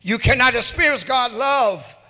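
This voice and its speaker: A pastor preaching a sermon, rising into sung and shouted peaks, recorded in a church sanctuary. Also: male voice, extremely high pitch, a little slow. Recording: hall reverb from a church livestream.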